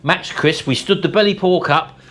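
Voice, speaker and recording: A man's voice: high voice, moderate pace, a bit bright. A middle-aged man, chatting casually to viewers as host of a home cooking vlog, enthusiastic and calling them folks. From England. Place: home kitchen.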